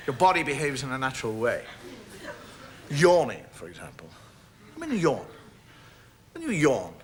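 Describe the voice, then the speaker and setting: A man's voice: mid-range voice, fairly bright tone, slight background noise. A man doing a stand-up comedy monologue, chatting playfully and acting out everyday gestures for a studio audience.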